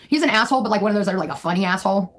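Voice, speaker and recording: A woman's voice: medium pitch, slight background noise, low-quality recording. A woman hosting a casual live stream, telling rambling, profane stories and laughing often.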